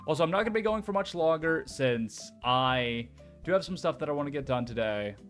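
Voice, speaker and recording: A man's voice: a little high, animated, a little fast, fairly bright tone, faint music behind. A young man chatting casually on a stream, rambling and joking and swearing now and then. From United States. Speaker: VTuber streamer. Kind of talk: casual chat.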